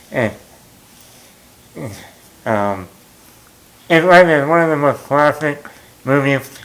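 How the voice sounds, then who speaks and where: Slow-talking man recapping a movie. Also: on the high side, fairly bright tone, low-quality recording. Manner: rambling, retells scenes with quoted lines and chuckles. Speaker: movie talk show host.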